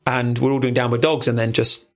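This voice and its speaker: Playful, animated podcast co-host man. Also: medium pitch, fairly quick. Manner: animated storyteller, playful and crude. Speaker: podcast co-host and relationship coach. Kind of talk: casual podcast chat. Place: recording studio.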